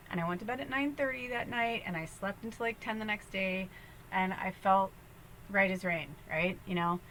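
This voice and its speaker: A woman's voice: medium pitch, moderate pace, a bit bright, slight background noise, rough recording. A young woman talking casually as a spiritual medium, rambling and laughing as she jumps between thoughts. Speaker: spiritual medium giving a tarot reading. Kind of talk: casual spiritual guidance talk.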